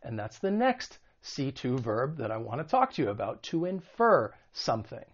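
Male vocab teacher, friendly and explanatory, slightly higher voice, muffled recording. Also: husky. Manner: friendly, explanatory, asks the viewer questions. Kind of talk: video lesson.

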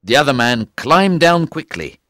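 A man giving scripted audiobook narration, telling the story in a slow, clear way. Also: a little high, very animated, fairly bright tone.

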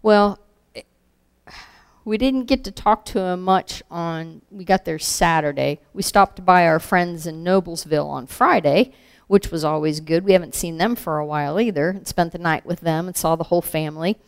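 A woman's voice: lowish voice, moderate pace, clean tone. A woman giving an informal sermon, telling stories in a reflective, conversational way.

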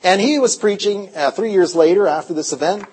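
A man preaching a revival sermon, telling stories in an animated way, his voice swinging between loud and hushed. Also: high voice, fairly quick, slightly rough. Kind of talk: storytelling sermon.

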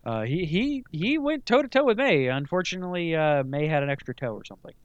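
A man co-hosting a podcast in casual chat, playful and quick to laugh. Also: fairly high pitch, clean tone, no room sound, highs cut off. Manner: giggly, animated, playful. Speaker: podcast co-host.

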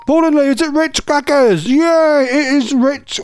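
Lively, playful radio presenter man. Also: very high-pitched, moderate pace, hardly any pauses. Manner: playfully exasperated, thinking aloud. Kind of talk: chatty live radio quiz. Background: music bed.

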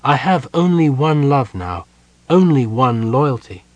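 A man voicing a calm, devout young woman prisoner who speaks softly but firmly. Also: medium pitch, unhurried, no room sound, voice pushed up. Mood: serene.

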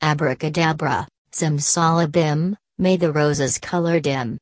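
A wicked storybook witch chants curses and sneers in a low voice, as a woman reads her. The tone stays close and dry, with no room sound. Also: unhurried, no echo. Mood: sneering.

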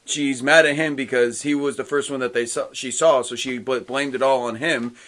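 A man talking casually as a podcast co-host at a middle pitch. He rambles and hesitates, and he slips into characters' lines when he retells scenes. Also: fairly even intonation, moderate pace, a bit bright. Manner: rambling, hesitant, acts out quotes. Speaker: podcast co-host discussing comics. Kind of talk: casual chat.

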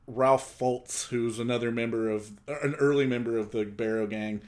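A man's voice: medium pitch, steady tone, normal speed, a little mellow. Casual man co-hosting a podcast. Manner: laughs often, swears casually. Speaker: podcast co-host. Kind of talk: casual chat.

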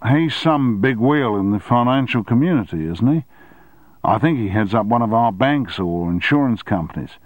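A man's voice: mid-range voice, lively intonation, normal speed, no echo, lo-fi sound, voice pushed up, natural voice. A man voicing a male Australian newspaper editor with an Australian accent, slightly breathless and eager to please.

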